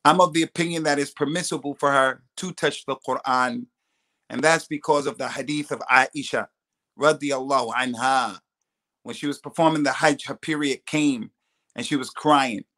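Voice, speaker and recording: A man answering questions as a religious scholar on a live stream, explaining at length and reciting Arabic quotations quickly. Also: medium pitch, sharp tone.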